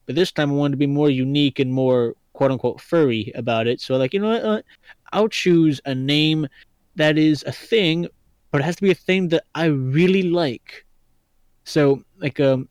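A man's voice: mid-range voice, a little mellow, clear, resonant tone, no echo. Casual podcast guest, male, hesitant and rambling, playful, accent hard to pin down, dry and close. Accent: hard-to-place, not regional Kentucky. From Lexington, Kentucky, US. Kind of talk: casual chat.

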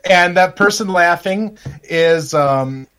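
Teasing podcast man, slightly high voice. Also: slow pace, a bit bright, clear, resonant tone. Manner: teasing, goofy, swears casually. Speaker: podcast co-host. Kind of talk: casual chat.

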